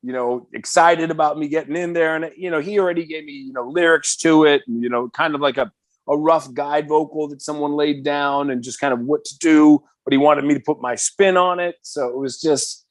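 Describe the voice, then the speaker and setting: Animated man from the Bay Area. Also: on the high side, fairly quick, no room sound, studio quality. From San Francisco Bay Area. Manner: animated, excitable, swears freely, heavy filler words. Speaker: podcast guest, metal singer. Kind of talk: casual storytelling in conversation.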